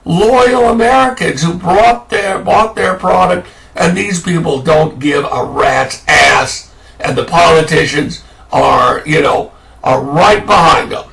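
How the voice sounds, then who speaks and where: A man's voice: fairly high pitch, slow, creaky, a bit bright, far from the mic, a little hiss or hum, poor audio. A man delivering an angry, sarcastic political rant as a commentator. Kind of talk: ranting political monologue.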